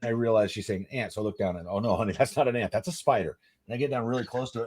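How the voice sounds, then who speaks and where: Low-ish laid-back dude rambling and cussing in a basement podcast. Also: male voice, rapid-fire, hardly any pauses, a little mellow, husky. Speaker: podcast co-host. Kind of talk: casual chat.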